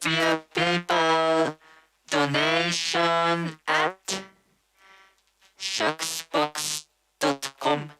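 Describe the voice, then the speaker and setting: A woman's voice: lowish voice, sing-song, very slow, vocal fry, long pauses, bright, forceful tone, low-quality recording. A woman hosting a live music stream, thanking the guest and asking viewers for support. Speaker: show host. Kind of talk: casual hosting.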